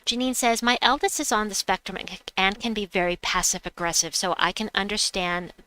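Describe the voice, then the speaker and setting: Woman streamer, casual personal storytelling, bright voice, smooth and dry close-mic sound. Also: mid-range voice, fairly quick, no room sound, low-quality recording. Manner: personal storytelling, reading chat aloud. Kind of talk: casual chat.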